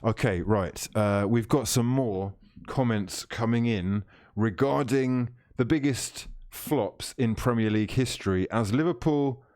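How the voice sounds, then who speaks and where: A man's voice: lowish voice, a little mellow. A man hosting a live football watchalong stream, reading out chat comments, teasing viewers and laughing often.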